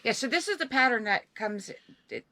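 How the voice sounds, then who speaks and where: A woman's voice: fairly high pitch, expressive, a little fast, pushed and bright. An older woman with a Southern US accent, chatting cheerfully as co-host of a reselling video. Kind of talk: casual chat.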